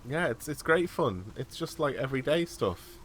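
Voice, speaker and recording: A man's voice: mid-range voice, lively intonation, moderate pace, fairly bright tone. A man streaming a video game, chatting casually and joking as he reacts aloud to what happens on screen. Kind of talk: casual gaming chat. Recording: live stream with faint noise.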